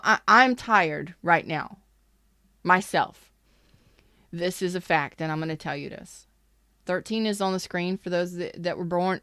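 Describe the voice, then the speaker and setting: A woman's voice: fairly low pitch, a bit bright, clean tone, dry recording, clean studio sound. A woman giving a casual live tarot reading, blunt and emphatic, and she swears freely. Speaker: tarot reader.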